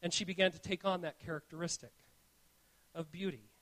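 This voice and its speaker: A man with a notably high voice delivers a sermon to his congregation. He speaks earnestly and tells stories as he goes, and his phrases often stumble and restart. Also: fairly even intonation, a little fast, a bit bright. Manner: earnest, storytelling, frequent restarts. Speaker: pastor. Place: church.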